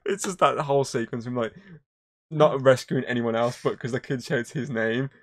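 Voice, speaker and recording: A man's voice: mid-range voice, normal speed. A man hosting a podcast, chatting casually about movies in a rambling way, swearing often. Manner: rambling, swears a lot, animated retelling. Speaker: podcast host. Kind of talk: casual movie review chat.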